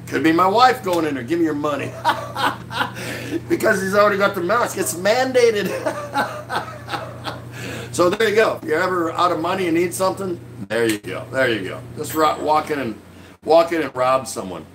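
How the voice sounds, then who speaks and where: Older guy on his couch doing a live stream, jokey, reads out chat comments, kinda high voice, faint hiss behind. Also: expressive, normal speed, pauses often. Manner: jokey, reads viewer comments aloud, chuckles often. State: drinking beer while talking. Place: at home on a couch.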